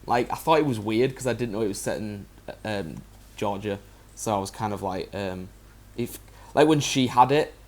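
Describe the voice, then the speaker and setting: A man's voice: on the low side, normal speed. A man co-hosting a casual film podcast, musing and wondering aloud. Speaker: podcast co-host.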